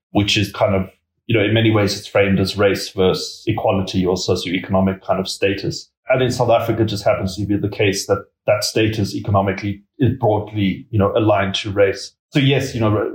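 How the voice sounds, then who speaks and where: A man giving measured expert commentary as an interview guest, hedging his points with many filler words. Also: lowish voice, roomy sound, rough recording. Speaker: political risk analyst guest.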